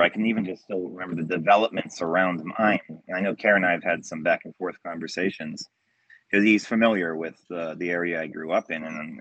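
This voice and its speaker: A man's voice: deep voice, a bit bright, dry recording, dull audio. A man from Delaware, a guest on a podcast, telling stories in an easygoing way with light laughs. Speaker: guest, cigar company representative. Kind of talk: casual interview chat.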